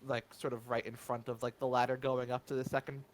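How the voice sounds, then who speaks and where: Man running a tabletop game, halting. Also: mid-range voice, level tone, slight background noise. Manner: hesitant, many fillers and restarts. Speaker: game master.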